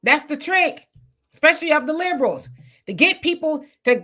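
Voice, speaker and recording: A woman hosting a casual live stream, reading viewer comments aloud and answering them in an animated, talkative way. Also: sits high, normal speed. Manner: animated, talks back to comments.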